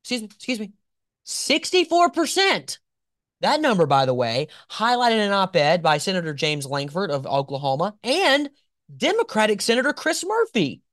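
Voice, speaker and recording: A male host giving opinionated political commentary, sarcastic and animated, with mocking asides. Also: sits high, a little fast, no room sound, studio quality.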